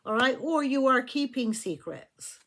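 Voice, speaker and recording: High-pitched and expressive, a woman speaks a little slowly in a fairly bright tone, with slight background noise. She gives a chatty tarot reading, swearing freely and repeatedly asking "do you know what I mean".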